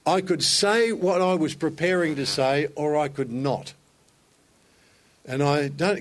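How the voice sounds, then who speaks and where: An older man delivering a sermon. He tells stories with emphasis and builds to raised, fervent passages. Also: mid-range voice. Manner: storytelling, emphatic, rising to raised intensity. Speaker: pastor.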